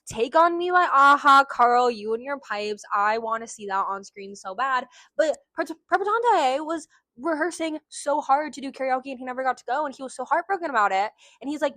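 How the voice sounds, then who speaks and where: Brief: woman vlogger, slightly high voice, excitable, rambly fan energy, dry close sound. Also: no room sound. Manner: gushing, rambling, goes on tangents; swears casually. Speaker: book vlogger. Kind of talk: casual book review chat.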